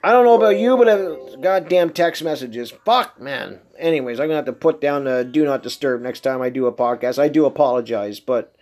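A man's voice: medium pitch, animated, fairly quick, hardly any pauses, darkish tone. A man hosting a casual solo podcast monologue, talking emphatically and incredulously, with heavy swearing. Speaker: podcast host.

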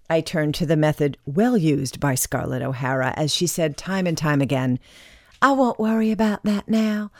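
A woman reading a scripted self-help monologue in a wry, chatty way with lively asides. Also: deep voice, no echo, clean studio sound.

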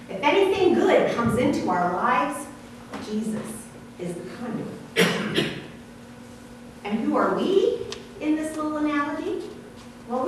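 A woman pastor giving a sermon in a measured, explaining way with light asides, in a church sanctuary. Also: fairly high pitch, a little hiss or hum. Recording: echoey hall from far off.

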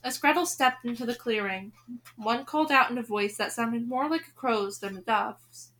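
A woman's voice: fairly high pitch, normal speed, a bit bright. A woman hosting a podcast, reading a children's novel aloud with expression and speaking to the listener directly.

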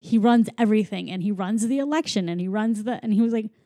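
A woman's voice: mid-range voice, fast talker, dark tone, no room sound, clean studio sound. A woman chatting casually on a podcast, retelling a movie and acting out lines in silly voices, often giggling. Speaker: podcast co-host. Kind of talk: casual movie recap chat.

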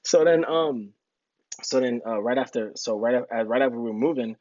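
A man of middle pitch tells his story in a relaxed, slangy podcast chat. He jumps into high, squeaky voices when quoting people and laughs through the punchlines. The sound is dry and a little dull, like a lo-fi podcast mic. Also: fairly quick, no echo. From United States. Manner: animated storyteller, acts out quotes in high voices, laughs often. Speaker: guest. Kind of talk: casual storytelling interview.

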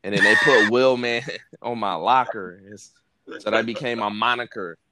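A man's voice: on the low side, moderate pace, bright, forceful tone. A man hosting a podcast, telling laid-back slangy stories and laughing often, with speech. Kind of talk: casual storytelling chat. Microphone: phone app recording.

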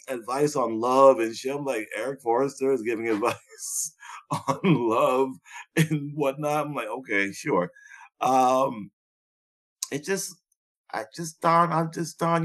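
A man's voice: mid-range voice, steady tone, unhurried, a bit bright. Blunt, profane man ranting casually. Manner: blunt, profane and laughing, with sarcastic asides. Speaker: podcast co-host. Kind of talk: casual chat.

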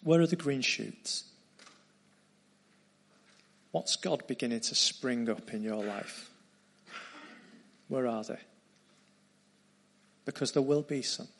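A man preaching a sermon, retelling a story earnestly and dropping into quieter tones. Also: medium pitch, slow, gravelly, long pauses, slight background noise.

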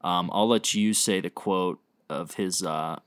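A man with a low voice speaks very slowly and jokes around as a podcast co-host, throwing in slang and swearing. His voice sounds dry and close, with almost no room echo. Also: smooth. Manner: laid-back and jokey, with slang and swearing. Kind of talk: casual sports chat.

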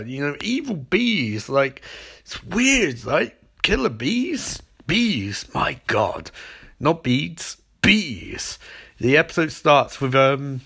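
A man's voice: on the high side, gravelly, fairly bright tone, slightly rough. A man hosting a podcast, giving a casual, rambling TV episode recap full of jokes and self-corrections. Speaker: podcast host.

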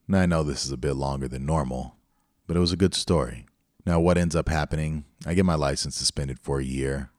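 A man's voice: a bass voice, brisk, a little mellow, dry recording, studio quality. A middle-aged man hosting a podcast, telling a personal story in a candid, reflective way. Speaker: podcast host. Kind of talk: storytelling monologue.

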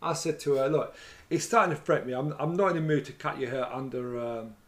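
Here a middle-aged man recalls his hairdressing years in loose, wandering anecdotes, chatting casually and filling gaps with "right?" and "you know what I mean?". He's a fast talker with a medium-pitched, fairly bright voice.

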